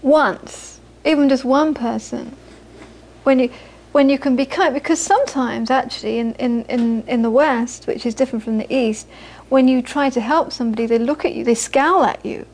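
Speaking at normal speed in a high, steady, slightly mellow voice, a woman who teaches meditation talks to a group in a relaxed way. She shares anecdotes, chats easily, and laughs frequently.

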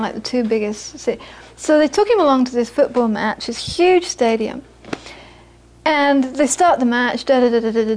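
Brief: high-pitched woman, Buddhist teacher, storytelling talk. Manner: storytelling, animated when quoting, soft and hushed on inner peace. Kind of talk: dharma talk with anecdotes.

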